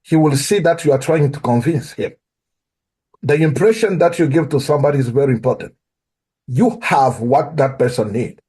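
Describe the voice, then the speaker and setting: A man's voice: medium pitch, moderate pace, mellow, husky. A man from Africa with an accent, earnestly coaching on sales follow-up and repeating key phrases for emphasis. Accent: non-native English. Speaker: guest.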